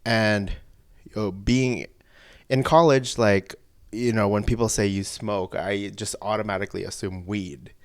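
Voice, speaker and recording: Animated lower-voiced man telling a story. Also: measured pace, smooth. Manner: animated, laughs between lines, rising into excited outbursts. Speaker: podcast guest telling a story. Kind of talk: casual storytelling.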